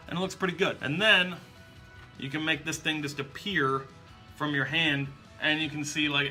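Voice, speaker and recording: Bright-voiced man teaching magic tricks. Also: mid-range voice. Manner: upbeat, step-by-step explaining. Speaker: magic tutorial host. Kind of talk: instructional demonstration.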